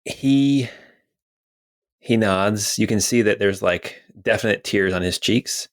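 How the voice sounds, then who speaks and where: A man's voice: on the low side, slow pace. A man narrating a tabletop game as game master in a casual, rambling way with many fillers.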